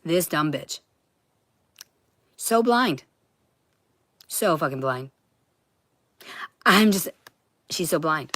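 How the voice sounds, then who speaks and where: A woman talking to camera in a heated, profane monologue that keeps bursting into shouting. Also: deep voice, expressive, very slow, long pauses, dry recording, clean studio sound.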